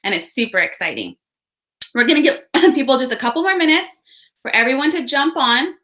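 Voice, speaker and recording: A woman's voice: high-pitched, big pitch swings, fairly quick, bright, forceful tone. Bubbly woman hosting a webinar. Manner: chatty, upbeat, greets viewers by place. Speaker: workshop host. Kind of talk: live webinar chat. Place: home room with window.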